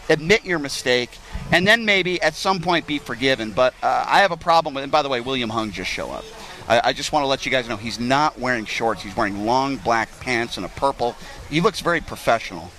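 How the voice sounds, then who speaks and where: A man's voice: medium pitch, animated, brisk, sharp tone. A man hosting a live talk show from an outdoor pool, chatty and joking as he rambles on. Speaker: radio show host. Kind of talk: casual live broadcast chat. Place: outdoor pool at a Las Vegas club.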